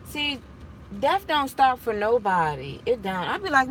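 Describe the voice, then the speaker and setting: A woman's voice: high-pitched, very animated, normal speed, fairly bright tone. A young woman and property manager chatting casually to her viewers, telling stories with frequent laughter, from a parked car on her phone. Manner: chatty, storytelling, laughs often. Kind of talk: casual live chat to viewers. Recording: street noise from outside the car.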